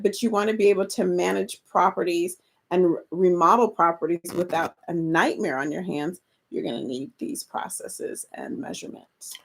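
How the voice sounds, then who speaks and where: A woman co-hosting a casual chat about remodeling investment properties, agreeable and quick to laugh. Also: lowish voice, creaky, husky. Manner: encouraging, agreeable, laughs often. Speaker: co-host.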